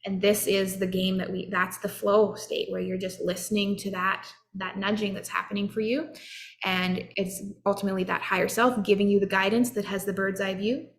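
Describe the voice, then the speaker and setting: Earnest woman with a gravelly edge. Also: mid-range voice, flat delivery, normal speed. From Canada. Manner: earnest, encouraging, acts out short quoted voices. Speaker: self-help coach. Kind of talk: motivational talk.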